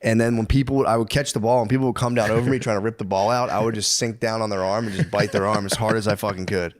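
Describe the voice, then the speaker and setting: A man in his thirties co-hosting a loose, crude podcast chat. He tells stories with lots of laughter and swearing, and the talk stays relaxed and animated. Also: lowish voice, fast. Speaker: podcast co-host. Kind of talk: casual chat.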